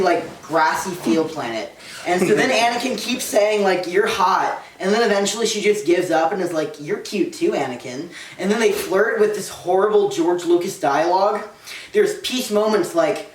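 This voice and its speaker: A man's voice: high-pitched, a little hiss or hum. A man giving a casual, comedic lecture to a small audience, talking in a sarcastic, rambling way full of "like" asides. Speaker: presenter. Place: room with a small live audience. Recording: echoey room, distant mic.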